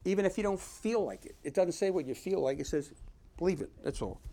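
A man's voice: high-pitched, animated, brisk, creaky, dark tone. A man giving informal Bible teaching, talking conversationally and reading verses aloud with emphasis. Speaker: preacher.

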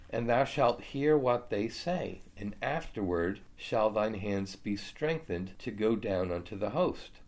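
A man's voice: lowish voice, darkish tone. A man teaching a Bible study, reading scripture aloud and then explaining it casually.

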